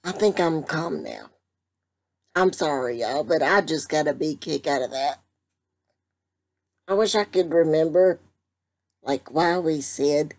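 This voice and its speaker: A woman, talking slowly in a casual vlog and breaking into laughter again and again. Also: low-pitched, expressive, darkish tone. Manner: giggly, keeps breaking into laughter; slow, drawn-out talk. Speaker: vlogger.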